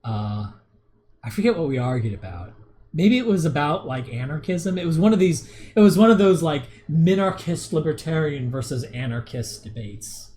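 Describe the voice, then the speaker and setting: Rambling man in his thirties, lively pitch. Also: normal speed, a little hiss or hum. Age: 30s. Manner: rambling, with many restarts and chuckles. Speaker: livestream host. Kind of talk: casual livestream chat reading viewer comments.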